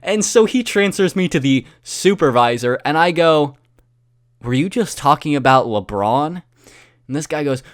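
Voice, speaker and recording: A young man, a YouTuber, telling a story to his viewers in a sarcastic, deadpan way. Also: a little high, moderate pace, dry recording, studio quality. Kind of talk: casual storytelling vlog.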